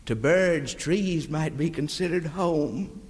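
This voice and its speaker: A man's voice: on the high side, slow pace. A man with a Southern US accent doing a rambling live stand-up monologue, folksy and drawling, calling the crowd beloved. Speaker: stand-up comedian. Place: stage before a live audience. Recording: echoey 1960s live LP recording with hiss.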